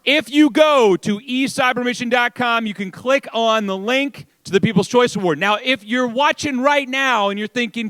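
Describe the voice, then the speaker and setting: High, bright-voiced energetic man. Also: normal speed, few pauses, no echo. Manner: loud, energetic crowd warm-up. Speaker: event host. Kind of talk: hyping up a live audience. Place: large event hall with an audience.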